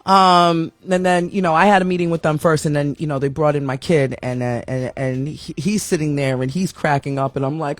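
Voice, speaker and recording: A woman's voice: deep voice, fairly even intonation, fairly quick, hardly any pauses, dry recording. A woman hosting her own talk show from a home studio, chatting candidly, laughing often and joking at her own expense. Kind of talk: casual chatty monologue.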